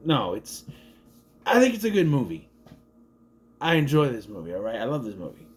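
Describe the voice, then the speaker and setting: Animated rambling man recapping a movie. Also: medium pitch. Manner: rambling, animated, quick quoted impressions of characters. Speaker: movie reviewer.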